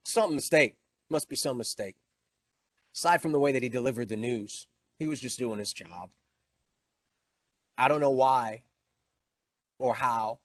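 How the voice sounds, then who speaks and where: A man's voice: mid-range voice, dry recording. A middle-aged man giving an inspirational keynote talk, telling a personal story with emphasis and growing emotion. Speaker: motivational speaker.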